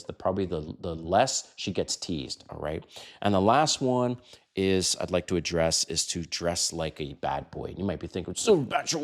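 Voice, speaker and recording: Older guy, real deep low voice, blunt dating coach talking straight to camera, lots of "right?". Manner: blunt, coaching, with rhetorical questions. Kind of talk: direct-to-camera advice talk.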